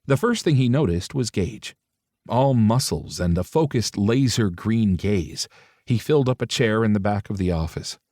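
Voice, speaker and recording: A man's voice: fairly low pitch, expressive, normal speed, dark tone, no echo, clean studio sound. A man narrating a romance audiobook, switching into different voices for the characters' dialogue.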